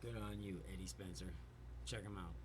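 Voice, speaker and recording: A man's voice: low voice, steady tone, brisk. A man hosting a reaction video who comments casually in a crude, swearing, wisecracking way. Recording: loud background noise.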